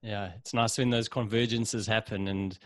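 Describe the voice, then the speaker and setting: A man's voice: fairly low pitch, level tone, moderate pace, dry recording, studio quality. A South African man hosting a podcast over a video call, laid-back and chatty, laughing often. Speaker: podcast host. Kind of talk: casual video-call interview.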